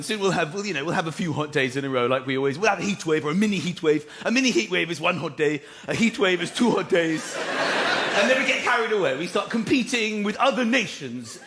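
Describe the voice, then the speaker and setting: On a big theatre stage, a high-pitched man does stand-up, acting out characters as he tells animated stories. Behind him the echoey room fills with loud laughter and background noise.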